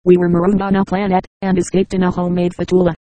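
A synthetic text-to-speech voice reading the lines of a cool, self-assured young prince in an audiobook, flat and unvaried. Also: medium pitch, quick pace, dry recording, close to an everyday voice, poor audio.

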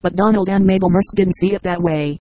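A man reading a novel aloud as an audiobook narrator, in an even, measured way. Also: high voice, no echo, poor audio. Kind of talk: scripted narration.

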